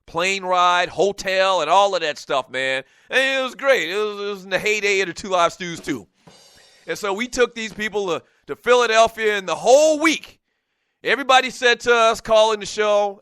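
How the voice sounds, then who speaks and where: High, bright-voiced sports radio host. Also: male voice, normal speed, clear, resonant tone, dry recording, studio quality. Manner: loose, animated, self-promoting plugs. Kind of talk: casual storytelling talk show.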